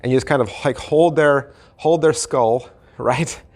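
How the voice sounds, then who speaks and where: A middle-aged man hosting a channel, giving a casual, animated review of a magic trick and repeating phrases for emphasis. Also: medium pitch, unhurried. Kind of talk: casual product review to camera.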